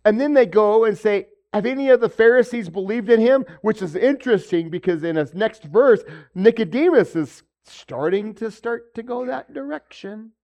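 A man's voice: sits high, expressive, moderate pace, few pauses, darkish tone, highs cut off. A man preaching a sermon, asking rhetorical questions and acting out the voices of the people he quotes. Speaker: pastor.

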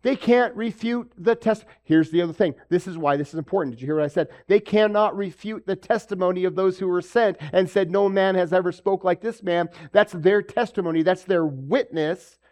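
A man's voice: sits high, a little fast, hardly any pauses, darkish tone. A man preaching a sermon, asking rhetorical questions and acting out the voices of the people he quotes. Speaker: pastor.

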